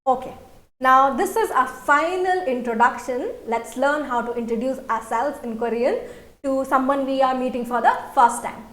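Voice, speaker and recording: A woman's voice: sits high, normal speed, a bit bright, roomy sound. A woman teaching a language lesson online, explaining patiently and repeating each example sentence.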